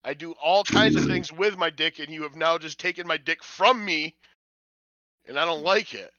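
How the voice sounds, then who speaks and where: A man's voice: a little high, moderate pace, sharp tone, no room sound, voice pushed up. A man voicing an indignant male pet dog who complains with crude outrage about a strap put on him. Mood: aggrieved. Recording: dull lo-fi audio.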